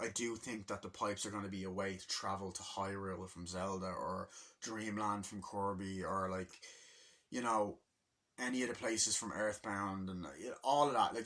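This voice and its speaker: A young man giving a rambling, excitable spoken movie review, acting out scenes from the film. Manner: rambling, excitable, acts out scenes in high voices.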